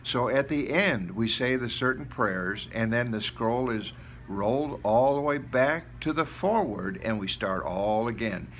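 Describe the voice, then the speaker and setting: A man explaining a synagogue custom in a plain, thoughtful way, pausing now and then. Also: mid-range voice, animated, faint music behind. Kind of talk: explanatory talk.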